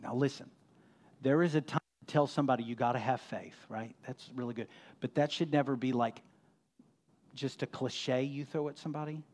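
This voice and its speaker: A man preaching a sermon as pastor, dropping to a hush and rising to emphatic, loud peaks. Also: mid-range voice, fairly even intonation, brisk. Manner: swings from hushed to loud, emphatic.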